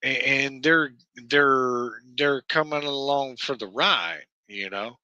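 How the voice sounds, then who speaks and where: A man with a Southern American accent delivers a slow, profane, rambling livestream rant packed with fillers and restarts. His voice is very bright and cutting, and the sound is close and completely dry, with no room around it. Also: mid-range voice, clear, resonant tone, dry recording, highs cut off. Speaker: livestream host. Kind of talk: ranting livestream monologue.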